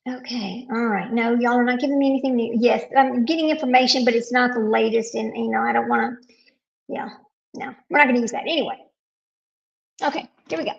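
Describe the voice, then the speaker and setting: A woman's voice: on the high side, fairly even intonation, brisk, creaky, highs cut off. Frustrated woman on a live stream. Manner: talks to viewers while searching her computer, easily frustrated. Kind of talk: casual live-stream commentary.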